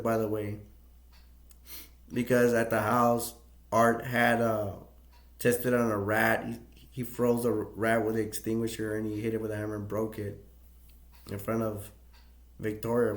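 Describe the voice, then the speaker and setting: In an echoey room, a male movie reviewer with a medium pitch and flat delivery retells a film at a moderate pace. His casual account rambles, full of fillers and restarts, and he chuckles often.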